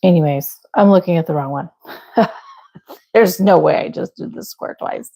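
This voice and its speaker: A young woman hosts a live crochet stream, talking in a relaxed, chatty way with a gravelly, husky edge. Her tone is dark and mellow as she talks to her viewers and laughs at her own mistakes. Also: on the low side, normal speed, pauses often, rough recording. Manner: chatty, self-deprecating, talks to viewers while working. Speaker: livestream crochet host. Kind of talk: casual live-stream chat.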